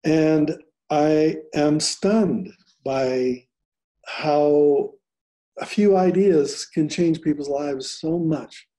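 A man speaks very slowly in a mellow, dark tone, and his voice sits slightly high for a man. He is an author who talks reflectively and humbly in a relaxed conversation. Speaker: author interviewing the host.

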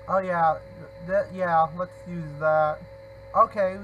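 A man giving excitable gameplay commentary, talking to himself and often apologizing. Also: high-pitched, slow, slight background noise, low-quality recording. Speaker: gamer.

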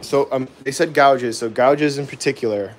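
A man hosting a live woodcarving stream, thinking aloud with many pauses and fillers and chuckling at his own jokes as he reads viewer comments. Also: medium pitch, heavy background noise. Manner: chuckles often, jokey and self-deprecating. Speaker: woodcarving livestream host. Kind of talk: live carving demo, chatting with viewers.

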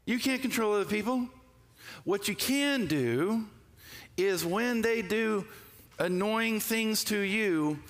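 Animated pastor in a reverberant hall. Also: male voice, high-pitched. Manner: conversational, animated storytelling with quick asides. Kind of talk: sermon. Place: church sanctuary.

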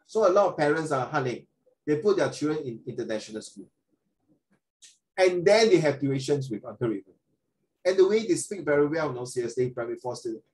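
An older man, teaching a lesson in a chatty, animated way and dropping in Chinese tag words. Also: on the high side, brisk, poor audio. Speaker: tutor. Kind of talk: online English lesson.

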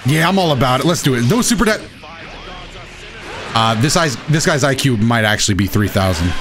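A young man giving excitable, self-mocking live commentary while playing a fighting game. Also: mid-range voice, brisk, a little hiss or hum. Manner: excitable, self-mocking, shouts at big plays. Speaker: gaming YouTuber. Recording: game music playing behind. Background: game music.

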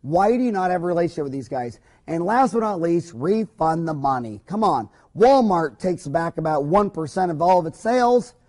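A man's voice: fairly high pitch, lively intonation, normal speed, hardly any pauses, darkish tone. A man, a dentist, giving an informal recorded lecture to other dentists, talking in an emphatic, folksy, rambling way with many asides.

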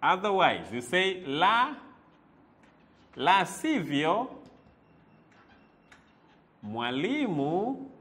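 A male teacher with a high voice that swings up and down as he talks. He walks through a language lesson slowly and deliberately, repeating each word. He keeps quizzing the listener. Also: very animated, a bit bright. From Tanzania. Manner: slow, repeating words and quizzing the viewer. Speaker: Swahili teacher.

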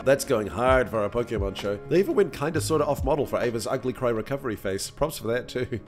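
A man's voice: medium pitch, expressive, fast talker, few pauses, music in the background. A man in his thirties giving scripted commentary on a cartoon episode, full of wry, sarcastic asides. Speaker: host reacting to a cartoon episode.

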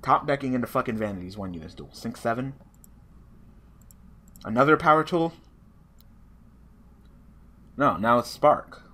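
With a mid-range voice and a measured pace full of frequent pauses, a man casually commentates live on his online card game match. He swears freely, gets excitable, and talks directly at his opponent.

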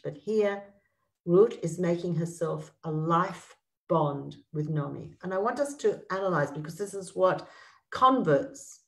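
Woman teacher with a low voice, leading a text study lesson, slow reading and thoughtful commentary. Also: distant mic, poor audio. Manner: reads verses aloud slowly, then comments with frequent restarts. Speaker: Bible teacher.

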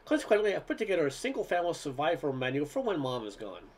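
A man reading a humorous essay aloud in a wry, unhurried storytelling manner. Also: fairly high pitch, huge pitch swings, darkish tone. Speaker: reader.

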